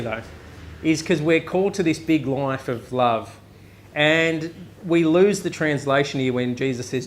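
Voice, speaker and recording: An Australian pastor delivers a loose, conversational sermon at a live service, full of jokes and quick "right?" asides. His voice sits a little higher than most men's. A faint background hum from the room runs under his talk. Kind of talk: casual sermon. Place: chapel during a live service.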